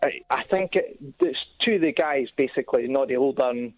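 A Scottish man calling in to a radio show, talking through a dull, muffled line. His speech rambles and hesitates, and he keeps circling back with asides. The sound is dry, with mid-range pitch. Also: brisk, no room sound. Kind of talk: casual radio chat.

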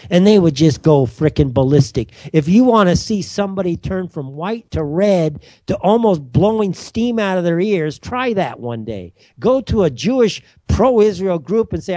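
A man's voice: a little high, expressive, unhurried, a little mellow, no echo. An American man in a heated, repetitive ranting monologue, telling a story with emphatic force. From United States.

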